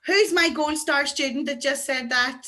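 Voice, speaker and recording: A woman teaching to beginners over a video call, chatty and encouraging, slowing down to pronounce words. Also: sits high, pushed and bright. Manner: chatty, encouraging, slow deliberate pronunciation. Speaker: Irish language teacher. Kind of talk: online beginner class.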